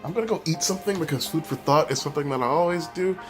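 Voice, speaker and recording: A man's voice: on the high side, very fast, soft background music. A man vlogging at home, chatting earnestly and casually as he answers relationship questions, with asides and restarts. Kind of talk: casual vlog chat. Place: his home, walking from bedroom to kitchen.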